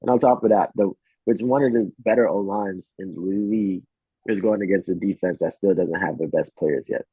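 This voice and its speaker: Husky low-voiced man on a tinny line. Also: no room sound. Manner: profane, animated storytelling. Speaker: podcast co-host. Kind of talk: casual sports betting chat. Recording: tinny phone-like sound.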